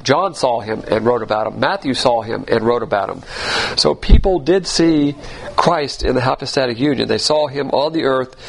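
Gravelly-voiced man teaching a sermon. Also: medium pitch, rough recording. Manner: spells out Greek words letter by letter, measured teaching delivery. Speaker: Bible teacher. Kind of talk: expository sermon.

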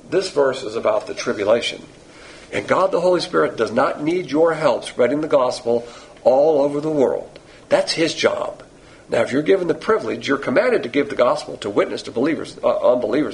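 A man preaching a sermon in a blunt, sarcastic, emphatic way, slowing down to stress key phrases. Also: fairly high pitch, low-quality recording.

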